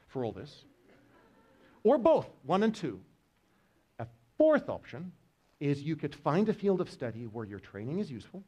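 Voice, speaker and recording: Animated male biology lecturer. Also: fairly high pitch. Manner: animated, joking with students. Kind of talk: university lecture. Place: lecture hall.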